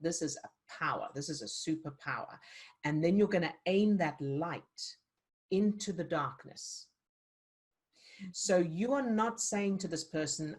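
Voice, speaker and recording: Lowish earnest woman coaching. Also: lively intonation, unhurried, a little mellow. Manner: earnest, encouraging, many restarts and "you know". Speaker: emotional fitness coach. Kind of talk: live online coaching session. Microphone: video call.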